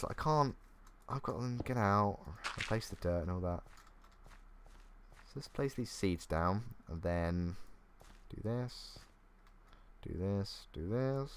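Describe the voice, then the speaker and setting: Young gamer, low voice with bouncy intonation, self-mocking running commentary. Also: male voice, lively intonation, a little slow, slight background noise. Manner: chatty, self-mocking, thinking aloud. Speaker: gaming YouTuber. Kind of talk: casual gameplay commentary. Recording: faint keyboard clicks.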